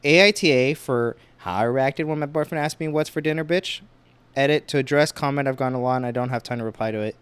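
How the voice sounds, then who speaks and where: A man's voice: medium pitch, quick pace, hardly any pauses, fairly bright tone, smooth, no echo. Casual young man hosting a solo podcast. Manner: casual, rambling, exclaims reactions while reading. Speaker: podcast host. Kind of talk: solo podcast chat, reading online posts aloud.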